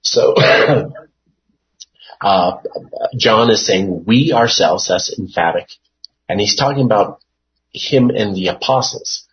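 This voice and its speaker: A man leading a Bible study, reading verses aloud and unpacking them at a very slow, deliberate pace. His voice sits low, and he thinks aloud, pausing on fillers and restarting phrases. The recording sounds dull and lo-fi. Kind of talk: informal Bible study teaching.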